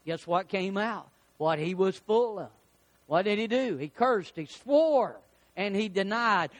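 A middle-aged male pastor preaching a sermon, animated and folksy, telling homely anecdotes between Bible readings. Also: high voice.

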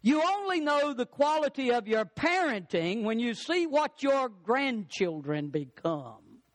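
High-voiced preaching man, dry sound. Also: sing-song, a little slow, no echo. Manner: preaching with sudden swings in pitch and pace. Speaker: pastor. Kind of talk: sermon.

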